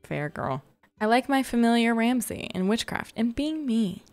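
A woman's voice: a little high, very animated, moderate pace, darkish tone, dry recording, voice pushed up. A woman voicing a sassy, rebellious teenage witch girl as she reads game dialogue aloud, sarcastic and dismissive.

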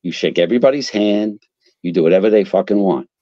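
A furious older father, once a firefighter, yells and swears in a strained, raised voice, as a man acts him out in a story. The delivery is dry and close, with a slightly dull, lo-fi sound. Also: low-pitched, fast talker, dry recording. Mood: stern. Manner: yelling, cursing.

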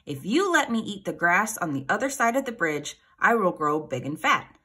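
A woman voicing the smallest billy goat, a brave young male goat with a high, eager little voice. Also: very animated, normal speed, bright, forceful tone, breathy edge, exaggerated voice. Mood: pleading.

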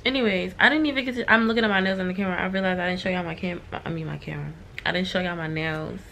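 A woman's voice: fairly low pitch, fairly even intonation, very fast, vocal fry, bright, forceful tone, slight background noise. A woman vlogging from her hotel room, venting to her viewers in a frustrated, swearing, casual way.

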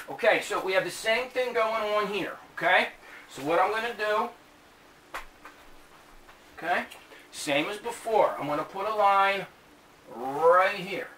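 A man's voice: sits high, pushed and bright. A man teaching a math lesson in a classroom, chatty and slipping jokes between the steps. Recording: echoey room, mic at a distance, faint hiss.

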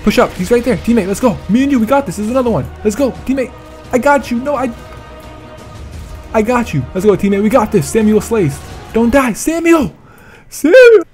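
A young man giving excited gameplay commentary, laughing, gasping and repeating himself as he plays. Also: very high voice, fairly quick. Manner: excitable, laughs and gasps often, repeats phrases. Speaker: gaming YouTuber. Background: background music.

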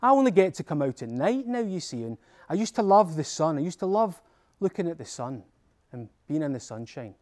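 A man's voice: fairly high pitch, big pitch swings, fairly quick, darkish tone. A man with a Scottish accent voicing a vain female ghost who boasts about her singing. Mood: haughty. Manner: haughty and boastful. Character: vain shrieking female ghost, the grey lady.

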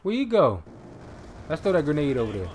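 Young male gamer, live commentary; slightly high voice, excitable, curses and yells at plays. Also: a little fast, slight background noise. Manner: excitable, swears, bursts into shouts. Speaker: gaming commentator.

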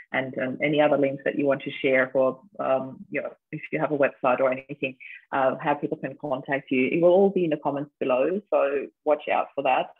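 A woman's voice: low voice, husky. A woman hosting an interview, gushing with affirmations and praise for her guest. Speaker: interview host. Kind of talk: supportive interview chat. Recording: tinny phone-like call line.

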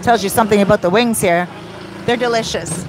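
A woman vlogger telling a story in a casual, animated way, outdoors near a beach. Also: mid-range voice, brisk, background noise. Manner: animated, acts out quoted dialogue. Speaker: vlogger and life coach.

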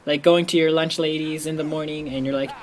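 A man giving casual gameplay commentary, rambling and excitable, leaning on "like" constantly. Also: fast, slight background noise. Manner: rambling, excitable, heavy use of "like"; bursts into high squealing when quoting himself.

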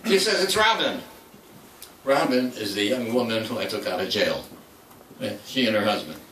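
A man's voice: fairly low pitch, animated, fairly quick, noisy background. An older man giving a public talk, telling a story and acting out the lines of the people in it. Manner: anecdotal, acts out quoted dialogue. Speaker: speaker. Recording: echoey hall from far off.

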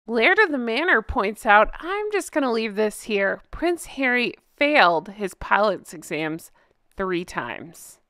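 A woman's voice: on the high side, big pitch swings, slow pace, fairly bright tone, dry recording, studio quality. A woman co-hosting a casual commentary show, reading out social media posts and reacting with amusement. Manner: amused, laughing often. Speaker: co-host.

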